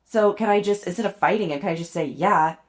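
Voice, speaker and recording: Talking very fast in a medium-pitched voice, a woman co-hosts a podcast and shares stories casually. She laughs a lot and is often self-deprecating.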